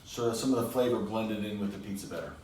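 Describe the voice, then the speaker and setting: A man's voice: lowish voice, fast talker, darkish tone, a little hiss or hum. A middle-aged father thoughtfully describing food in casual family chat at home. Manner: thoughtful, analytical. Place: home kitchen table. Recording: roomy and distant.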